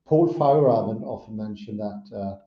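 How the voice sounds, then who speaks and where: A man's voice: fairly low pitch, normal speed. A man in a casual academic discussion, agreeing eagerly and chiming in often. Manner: eager, agreeing with frequent backchannels. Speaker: discussion partner. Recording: echoey, muffled room.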